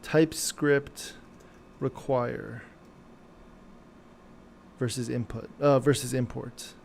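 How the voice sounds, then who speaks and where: A man on a live coding stream thinks aloud in a gravelly, fry-edged voice. He stops and starts, mutters, and questions himself as he works, at a middling pitch with a faint hum of noise behind him. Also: steady tone, slow, darkish tone.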